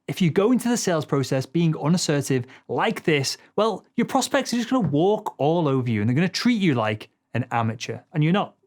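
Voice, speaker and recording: A man teaching sales technique in a fast, assertive coaching manner, his voice not particularly deep. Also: very animated. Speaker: sales trainer. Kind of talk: instructional talk to camera.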